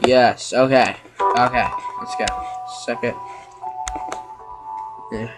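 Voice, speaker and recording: Man for a let's play: slow, chatty, sarcastic, bursts of loud exclamations, music underneath. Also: medium pitch, fairly even intonation. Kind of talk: casual gameplay commentary.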